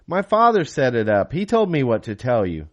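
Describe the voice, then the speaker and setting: A man's voice: mid-range voice, huge pitch swings. A man reading his novel aloud and voicing an eager young boy who hurries things along. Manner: quick, eager and urgent.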